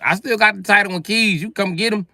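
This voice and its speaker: A male comedian telling profane comic stories in a live monologue, acting out both sides of conversations and breaking into loud shouts. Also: fast, no room sound, studio quality. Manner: jumps to loud high shouts when acting out scenes.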